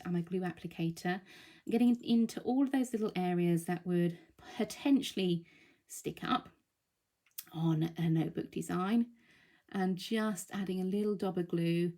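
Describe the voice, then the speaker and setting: A slightly low-pitched woman talks through a live craft demonstration. She sounds a little breathless after being unwell, and she keeps a chatty, reassuring flow with frequent ums. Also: moderate pace, mellow. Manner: chatty, reassuring, thinks aloud with many ums. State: out of breath, recovering from illness.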